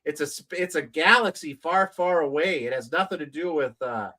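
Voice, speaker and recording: A man's voice: fairly high pitch, moderate pace, bright, forceful tone. A man co-hosting a podcast, joking in a casual, rambling way. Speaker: podcast co-host. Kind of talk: casual chat.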